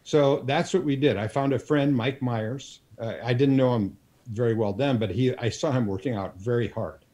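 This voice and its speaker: An older man in his sixties speaks as an interview guest. His voice is mellow and relaxed as he spins long anecdotes at an easy pace, with many ums and you-knows along the way. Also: medium pitch. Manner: unhurried anecdotal telling with frequent fillers. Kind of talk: storytelling in a casual interview.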